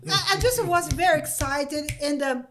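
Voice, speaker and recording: Woman, high voice, excitable, stumbling over words, podcast guest storytelling. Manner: excited, laughing, halting with many repeated words. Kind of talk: casual storytelling. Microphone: podcast microphone.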